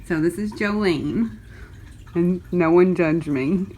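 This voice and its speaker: A woman's voice: fairly low pitch, slow, mellow, slight background noise, poor audio. A woman chatting casually as she films kittens in a foster room, often cooing and baby-talking to them. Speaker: cat fosterer filming a vlog. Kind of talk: casual vlog chat. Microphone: handheld camera.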